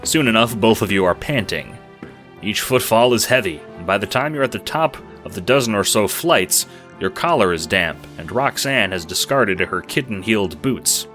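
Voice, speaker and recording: A man narrating a fan audio drama in second person, with a wry, deadpan manner. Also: fairly low pitch, moderate pace, faint music behind.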